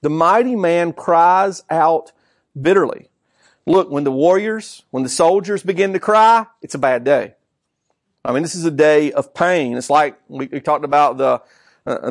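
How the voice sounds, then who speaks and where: A man's voice: on the high side, no room sound, clean studio sound. A man preaching a sermon, stressing key words with repetition and rhetorical questions. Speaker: pastor.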